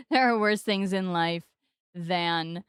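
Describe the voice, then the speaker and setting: A woman's voice: smooth, no echo, clean studio sound. Playful streamer woman with sing-song stresses. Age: 40s. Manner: playful, jumps into high sing-song stresses on odd syllables. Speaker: game streamer. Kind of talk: casual game-stream chat.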